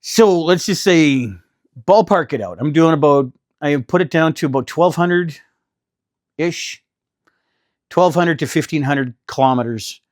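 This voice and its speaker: A man's voice: on the high side, no room sound, clean studio sound. A middle-aged man, talking casually to camera about RV costs in a chatty, exasperated, self-deprecating way. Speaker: RV vlogger. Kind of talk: casual vlog talk.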